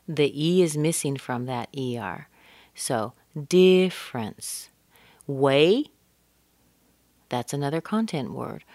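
A low-pitched woman coaches pronunciation at an unhurried pace. She repeats each sound and word slowly to demonstrate it, and the recording is close and dry. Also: a little mellow, no echo. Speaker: accent coach. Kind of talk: pronunciation lesson.

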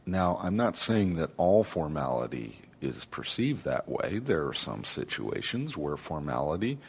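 A man giving a lesson on speech, speaking slowly and deliberately. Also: a bass voice, sing-song, creaky, husky. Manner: slow, deliberate, demonstrates voice placement. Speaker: accent teacher. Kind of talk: lecture.

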